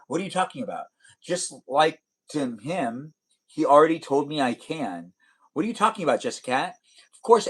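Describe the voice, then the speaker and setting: A man's voice: fairly high pitch, low-quality recording. A man live streaming, chatting casually and reading out viewer comments in a rambling, repetitive way.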